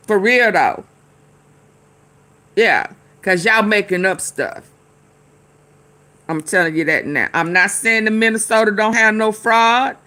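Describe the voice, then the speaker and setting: A fiery woman talks slowly over news clips. Her voice is bright and forceful. She repeats herself and fires questions straight at her chat. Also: mid-range voice. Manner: heated, repetitive, talks back to chat. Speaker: commentary host.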